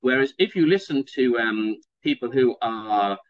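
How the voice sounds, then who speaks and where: A middle-aged man from the north of England with a softened northern English accent, patiently explaining pronunciation in a conversation practice chat. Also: medium pitch, expressive, unhurried, dull audio. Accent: northern English softened toward standard British. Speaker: guest native speaker.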